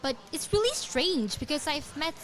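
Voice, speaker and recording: A woman's voice: high voice, lively intonation, moderate pace, a bit bright. A young woman from Taiwan, speaking English with an American accent and Mandarin as her first language, answering interview questions in an earnest, careful way. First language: Mandarin Chinese. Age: young adult. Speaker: guest author.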